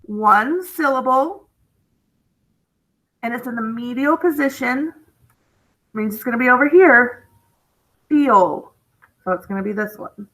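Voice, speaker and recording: A woman teacher giving a spelling lesson to young students, drawing out each word slowly and patiently. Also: fairly high pitch, animated, a bit bright, poor audio.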